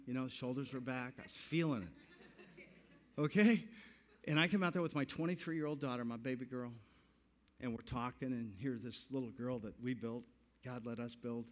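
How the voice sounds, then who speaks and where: A pastor in his sixties telling a self-mocking story in a sermon, animated and laughing through his lines. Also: mid-range voice. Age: 60s.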